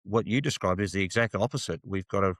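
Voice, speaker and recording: A middle-aged man hosting a dental podcast, speaking in an animated, chatty way and quoting sales advice. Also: deep voice, fast talker, no room sound. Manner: animated, quotes sales trainers in lively put-on voices. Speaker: podcast host, dentist. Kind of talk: conversational podcast interview.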